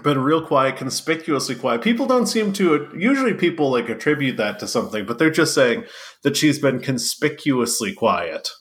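Male podcast co-host, lively and animated, playful comic banter. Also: medium pitch, normal speed. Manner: playful, lively, laughs between phrases. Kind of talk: casual comedic chat.

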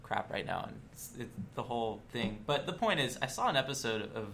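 A man's voice: medium pitch, very animated, a little fast, vocal fry, fairly bright tone, slight background noise. A man in casual chat who tells stories in a rambling, hesitant way with many ums.

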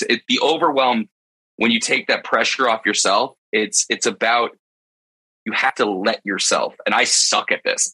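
A man who owns a pet care business, talking candidly and earnestly in a roundtable discussion, in quick bursts with restarts. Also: fairly low pitch, sharp tone, husky, low-quality recording.

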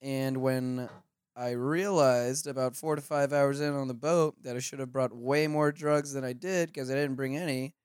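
Speaking at a normal speed with fairly even intonation, this man co-hosts a podcast and casually relates stories, swearing freely in a relaxed way. His medium-pitched voice is darkish, clear and resonant. There's no echo, just clean studio sound.

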